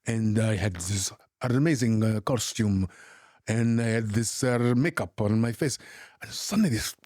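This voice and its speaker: This middle-aged Englishman, an actor appearing as a guest, answers interview questions reflectively in British English, halting often and restarting his sentences. His voice is fairly low and slightly mellow, captured in studio quality with no echo.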